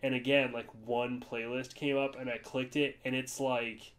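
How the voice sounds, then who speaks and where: A man from the United States chats on a podcast at an ordinary middle pitch. He rambles through his stories in a loose, casual way. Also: flat delivery, normal speed, a bit bright. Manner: rambling storyteller, jumps to high-pitched voices for quoted people. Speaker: podcast co-host. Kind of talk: casual chat.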